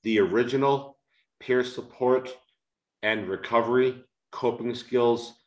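A man from the United States, an author being interviewed, who speaks slowly and carefully enunciates so he is easily understood, and reads aloud from his book. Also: mid-range voice, steady tone, roomy sound, poor audio. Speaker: author and guest.

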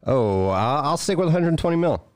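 A man's voice: a little high, sing-song, fairly quick, clear, resonant tone, dry recording, studio quality. A man co-hosting a podcast, chatting casually about movies and tossing in jokes. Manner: joking asides, quotes movie lines. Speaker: podcast co-host.

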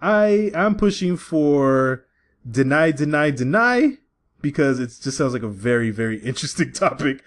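A man co-hosting a podcast in casual, profane, animated banter. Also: mid-range voice, moderate pace, hardly any pauses. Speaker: podcast co-host.

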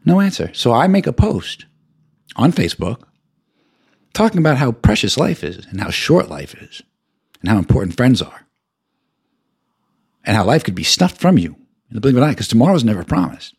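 A middle-aged man hosting a podcast, ranting heatedly and profanely, stumbling and repeating himself as he swings between loud outbursts and low mutters. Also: sing-song, normal speed, pauses often, slightly rough. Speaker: podcast host. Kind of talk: angry personal rant.

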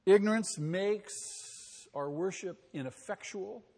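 A pastor preaching a sermon, emphatic, asking rhetorical questions and swinging between quiet and loud. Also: male voice, high-pitched, slow, creaky, long reverb tail.

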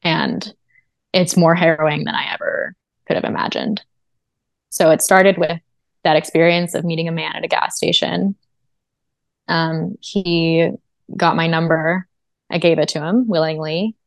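A woman's voice: deep voice, fairly even intonation, measured pace, gravelly, long pauses, dry recording. A woman guest in an interview, telling her own story in an earnest, reflective way. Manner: earnest and reflective, with frequent fillers. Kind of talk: personal testimony in a podcast interview.

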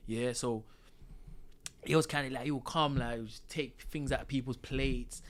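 Animated guy telling stories. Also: medium pitch, normal speed. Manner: slang-heavy, animated storyteller acting out quotes. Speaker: podcast guest. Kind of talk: casual storytelling chat.

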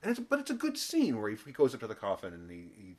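A man's voice: lowish voice, fast talker. A man co-hosting a podcast, chatting casually and animatedly about a TV episode. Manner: animated, jumps into voices when retelling. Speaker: podcast co-host.

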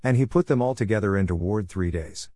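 A scripture reader with a lowish voice reads steadily and without hurry, giving the archaic verses an even, measured delivery. The recording is dry and close, with no room sound.

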